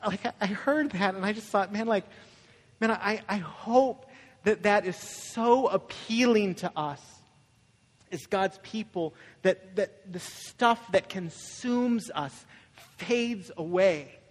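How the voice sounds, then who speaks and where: A young pastor from Michigan, USA, whose voice sits high, takes his conversational sermon slowly, telling stories and often asking "right?" The recording comes from an echoey hall with long reverb.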